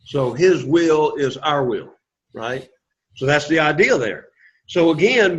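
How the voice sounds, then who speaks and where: A man teaching an introductory Greek class, encouraging students and having them repeat words aloud. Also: mid-range voice. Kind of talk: classroom lecture. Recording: lo-fi classroom recording.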